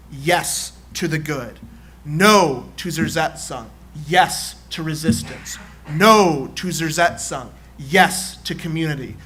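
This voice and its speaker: High, bright-voiced male preacher. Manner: builds to shouted call-and-response chant; rhythmic, repetitive oratory. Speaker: guest preacher. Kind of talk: sermon. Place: church sanctuary.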